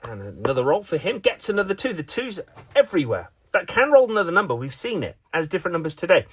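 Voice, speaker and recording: A man's voice: high voice, very animated, fast talker, breathy edge. A man giving playful mock sports commentary of a dice game he plays against himself, jokey and full of asides. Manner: playful, jokey, with frequent fillers and restarts.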